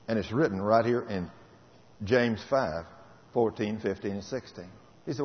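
A man gives a testimony sermon, telling his story dramatically and swinging between loud and soft passages. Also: mid-range voice, fairly quick. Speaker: preacher giving a testimony. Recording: dull recording with long hall reverb.

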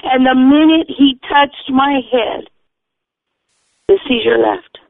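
A woman telling her personal testimony in an earnest, excited storytelling manner, acting out the voices of others. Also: sits high, slow, vocal fry, a little hiss or hum. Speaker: testimony speaker. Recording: dry, tinny phone-like radio sound.

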